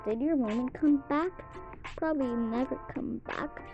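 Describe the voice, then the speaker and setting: A woman reading all the parts of a homemade drama, switching roughly between character voices. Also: sits high, unhurried, dull audio, over music.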